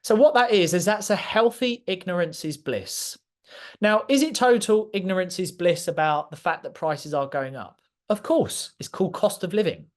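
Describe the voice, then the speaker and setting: Here a man with a somewhat raised voice delivers an animated motivational talk at a moderate pace to a live audience. As the guest speaker, he is clear, authoritative and emphatic, pushing his message with passion.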